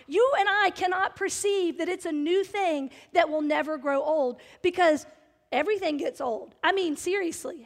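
A middle-aged woman preaches in a high, bright voice, earnest and personal, pressing hard on her key words. Her sermon carries a long reverb from the large church hall around her. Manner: earnest, personal storytelling with rising emphasis. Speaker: pastor.

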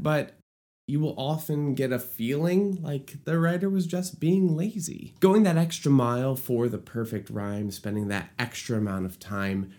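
A man gives an upbeat lesson on lyric writing. His pitch swings widely and his delivery is lively. He adds playful asides as he explains. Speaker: musical theater educator.

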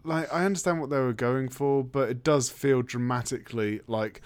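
A man's voice: mid-range voice, normal speed, few pauses, smooth. A man hosting a podcast, chatting about a film in a wry, talkative way and asking leading questions. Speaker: podcast host. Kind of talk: casual film chat.

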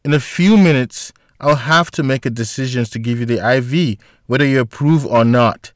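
A man voicing a woman hospital doctor who speaks in a forceful, clipped, insistent way. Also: medium pitch, normal speed, dry recording, studio quality, lightly acted. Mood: firm.

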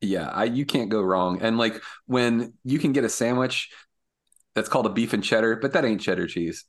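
A man's voice: fairly low pitch, moderate pace. A man co-hosting a podcast in casual chat, swearing often and laughing a lot. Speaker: podcast co-host.

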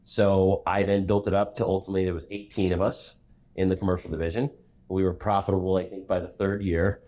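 A middle-aged man, a commercial real estate broker, telling stories from his career in a relaxed interview. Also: low-pitched, fast talker. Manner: animated storyteller who acts out the people he quotes. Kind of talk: storytelling in a conversational interview.

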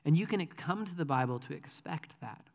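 A man's voice: on the high side, animated, normal speed, vocal fry, a little mellow, long reverb tail. A man preaching a sermon in a conversational, earnest way, with frequent ums. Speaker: pastor.

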